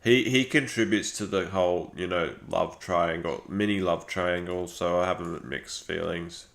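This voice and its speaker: A man's voice: low voice, moderate pace, creaky, a bit bright. A man giving casual live-stream commentary, rambling with lots of fillers and restarts.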